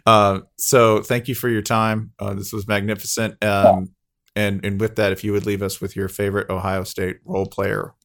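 Man hosting a podcast, animated storyteller. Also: fairly low pitch, normal speed. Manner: lively anecdote teller, acts out quotes. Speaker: podcast host. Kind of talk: casual chat.

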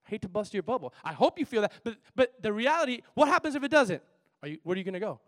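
A man preaching a sermon in an animated, playful way, moving between loud and soft. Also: high voice, quick pace. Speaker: pastor.

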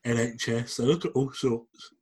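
A man's voice: medium pitch, fairly even intonation, moderate pace, a little mellow, slightly rough. A man co-hosting a casual podcast, teasing his partner and ranting with plenty of swearing. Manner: teasing, ranty, swears freely. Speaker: podcast co-host. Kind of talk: casual chat.

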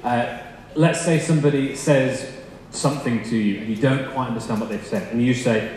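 This storytelling sermon comes from a young man with a mid-range, slightly mellow voice, fairly even intonation and a moderate pace. He starts with chatty, funny, self-deprecating stories, then turns to scripture, recorded in an echoey hall with long reverb and faint noise.

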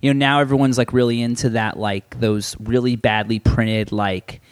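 A man's voice: medium pitch, steady tone, normal speed, smooth, no room sound. Young male guest, meandering casual talker, mid-range voice, dry mic. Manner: rambling, fills nearly every phrase with "like". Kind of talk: casual chat.

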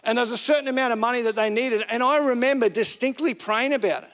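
High-voiced pastor in a hall. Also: male voice, fast talker, fairly bright tone. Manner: casual and conversational, repeats phrases. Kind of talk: sermon.

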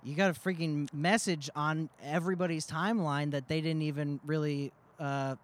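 A man's voice: on the high side, fairly even intonation, moderate pace. A man co-hosting a podcast in casual chat, rambling and swearing casually as he talks. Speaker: podcast co-host.

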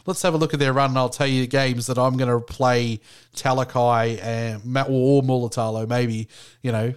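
A man's voice: mid-range voice, fairly even intonation, moderate pace, smooth. Give me a man with a mid-range voice, rambling casually through fantasy football stats. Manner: rambling, filler-heavy, reads out player scores. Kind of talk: casual solo commentary.

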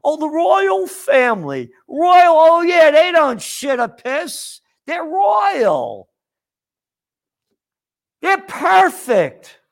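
A man's voice: very high voice, huge pitch swings, very slow, creaky, pitched above the performer's own voice, heavily acted. A man putting on the voice of a fawning admirer of the royals, in a mocking sing-song.

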